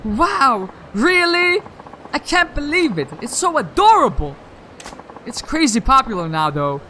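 A man voicing an excitable young girlfriend in a video game, raising his voice high and gushing. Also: a little slow, slight background noise, full character voice. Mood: delighted.

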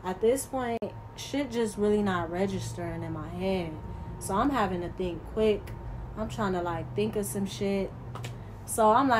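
A woman's voice: medium pitch, a little slow, noisy background. A woman vlogger telling a casual storytime, profane and emphatic, talking straight to her viewers.

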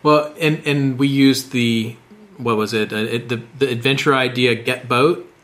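A man co-hosting a casual podcast, talking in a thoughtful, measured way about game rules. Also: mid-range voice, fairly even intonation, fairly bright tone. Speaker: podcast co-host. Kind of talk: casual podcast chat about tabletop games.

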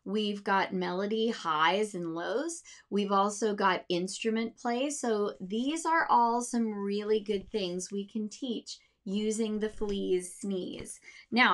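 A woman's voice: medium pitch, a bit bright. A woman music teacher explaining how to teach music with storybooks, demonstrating sounds and voices for her students.

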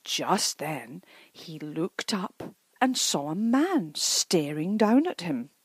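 A woman reads a children's picture book aloud at an unhurried pace, her voice rising and falling with the story. The sound is dry and close. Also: fairly low pitch, slightly rough, dry recording. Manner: slow, lively storytelling.

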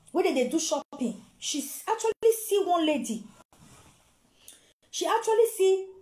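A Nigerian woman tells a story with lots of drama, her voice high and bright in pitch but mellow in tone. She acts out the people in her tale. The sound bounces around an echoey room. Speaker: storyteller host. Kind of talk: casual storytelling in pidgin.

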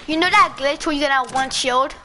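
A woman chatting with friends while playing an online game, teasing and excitable. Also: high voice, a little fast, a loud crowd. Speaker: player. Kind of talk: casual game chat. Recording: noisy game audio behind.

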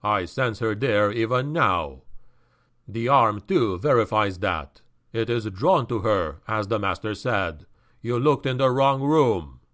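A man voicing a cunning demonic male high priest who speaks slowly and commandingly in an audiobook. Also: lively intonation, fairly bright tone. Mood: scornful. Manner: slow, measured and commanding. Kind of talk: audiobook character voice.

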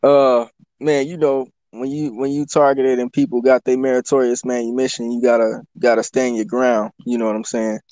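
Man, caller, flat pitch, mellow tone, loud and excited. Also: moderate pace, few pauses, no room sound.

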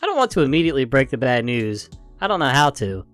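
A man narrating funny internet stories in a lively, expressive way. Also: mid-range voice, quick pace, faint music behind. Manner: lively, expressive, acts out the dialogue. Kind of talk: reading internet stories aloud.

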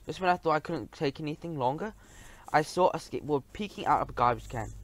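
A man narrating a children's storybook audiobook in a lively, expressive way. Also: fairly high pitch, quick pace.

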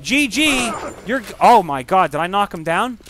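A man giving casual gameplay commentary, excitable and profane, yelling at enemies while chatting. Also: high voice, measured pace, background noise. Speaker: gamer commentator.

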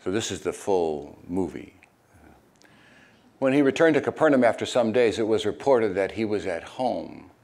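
An older man preaching a church sermon, his low voice rising and falling widely as he reads scripture. He slips into hesitant asides full of "uh", then jumps into animated, loud bursts. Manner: animated, jumps high and loud when acting out crowd voices; hesitant asides with many "uh" fillers. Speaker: retired pastor, guest preacher. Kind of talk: sermon with Bible reading.

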